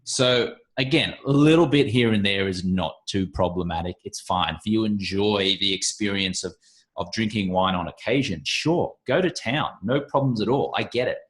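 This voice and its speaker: Man, Australian accent, middle-aged, brisk, confident, slightly low pitch. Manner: brisk, confident, punchy list delivery. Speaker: podcast guest. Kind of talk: casual interview talk.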